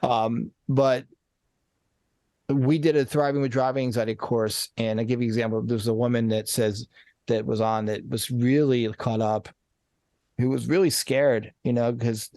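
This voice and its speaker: A man's voice: medium pitch, fairly even intonation, normal speed, a little mellow, no room sound. A man guesting on a podcast as a coach, talking earnestly in a rambling, casual way with many restarts and repeated words. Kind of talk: casual conversational interview.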